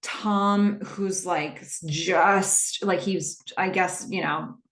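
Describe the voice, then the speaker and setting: A woman's voice: lowish voice, very slow. Chatty woman host in an echoey room. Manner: chatty, animated, many fillers. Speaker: podcast host. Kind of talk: casual TV episode recap.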